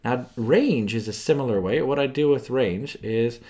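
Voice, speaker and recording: A man's voice: medium pitch, moderate pace, dark tone. A man teaching a math lesson over a screen recording, chatty and thinking aloud as he draws graphs, often asking the viewer questions. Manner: asks the viewer frequent questions. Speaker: math tutor.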